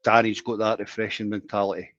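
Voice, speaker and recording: A man calling into a football phone-in, talking passionately in quick bursts. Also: lowish voice, little pitch movement, a bit bright, dry recording. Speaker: caller. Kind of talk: casual phone-in chat. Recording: dull dry phone line.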